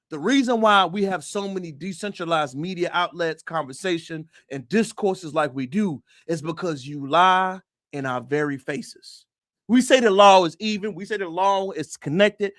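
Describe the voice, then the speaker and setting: A high-pitched man hosts an opinionated livestream, talking straight to his viewers. He hammers points with rhetorical questions and repeated phrases and sometimes breaks into a shout. The sound is dry and close, with no room echo. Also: expressive, normal speed. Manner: emphatic, rhetorical questions, addresses viewers directly. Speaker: livestream host.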